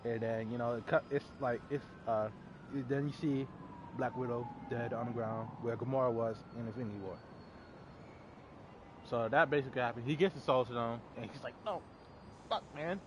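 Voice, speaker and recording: A man's voice: medium pitch, steady tone, normal speed, background noise. A man recapping a film's plot in a loose, rambling way, with lots of fillers and some swearing. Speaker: movie reviewer. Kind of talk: casual spoiler recap.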